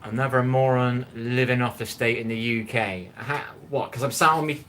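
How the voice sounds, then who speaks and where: Broadcasting live from his own kitchen, this middle-aged man from England speaks in a Bristol accent as he chats, welcomes viewers by name and reads their comments aloud. Medium pitch, moderate pace, a fairly bright tone, with a little background noise.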